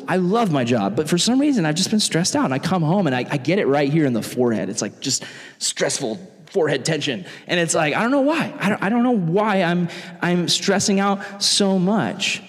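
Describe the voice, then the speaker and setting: A young adult man giving an animated sermon in a church, acting out other people's voices as he talks. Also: a little high, brisk. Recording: long reverb in a church hall.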